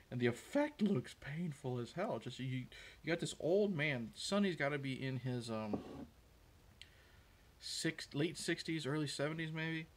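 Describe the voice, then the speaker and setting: Guy rambling through a movie scene recap, lots of ums, ordinary mid pitch. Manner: rambling, hesitant, many fillers and restarts. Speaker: host. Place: room with a window.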